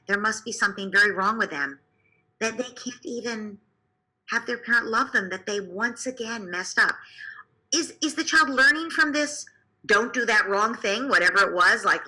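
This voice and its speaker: A woman clinical psychologist explaining parenting to listeners in an animated way, asking them to imagine scenes. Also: a little high, rough recording. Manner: animated, often acts out quoted speech.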